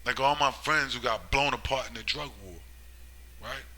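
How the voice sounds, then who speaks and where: Preaching man with a bright, forceful voice. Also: normal speed, poor audio. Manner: rhetorical, keeps asking "right?" and "you see?"; swings between loud emphatic bursts and low muttering. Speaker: religious commentator. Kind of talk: preaching monologue.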